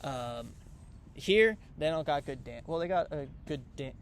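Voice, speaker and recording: A young man with a slightly high voice rambles loosely to camera, filling gaps with ums and uhs. His talk is casual and irreverent, recorded outdoors with faint noise behind him. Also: animated, unhurried. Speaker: vlogger reviewing piano books.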